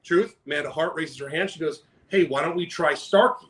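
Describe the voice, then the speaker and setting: A man co-hosting a business podcast in animated, rambling casual chat, often stopping and restarting his sentences. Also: fairly high pitch, a little fast, rough recording. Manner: animated, rambling, self-interrupting. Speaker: podcast co-host.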